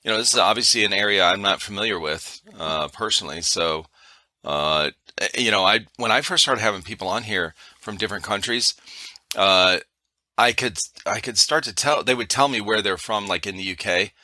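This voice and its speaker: A man hosting a podcast, talking in a relaxed, easygoing way with lots of fillers. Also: lowish voice, normal speed, dry recording. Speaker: podcast host. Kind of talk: casual chat.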